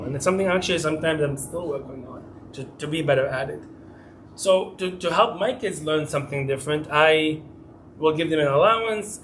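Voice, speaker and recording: A man's voice: on the high side, slight background noise. A middle-aged man, a family therapist, giving a conversational talk at a community center and acting out dialogue from his own stories. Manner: conversational, acts out quoted dialogue, frequent restarts. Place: mosque community hall.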